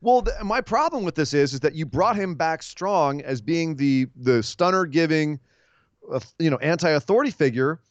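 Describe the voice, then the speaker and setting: A man's voice: on the high side, animated, normal speed, no echo. A man hosting a casual chat podcast, running through plot recaps and criticism in long opinionated stretches. The sound is dry and close, a little dull and lo-fi. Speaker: podcast host.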